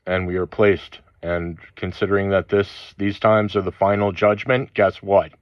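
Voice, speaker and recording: Deep-voiced man ranting in lo-fi. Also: no echo. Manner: angry, profane ranting with halting pauses. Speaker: channel host. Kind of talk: rambling spiritual monologue. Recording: dull lo-fi dry recording.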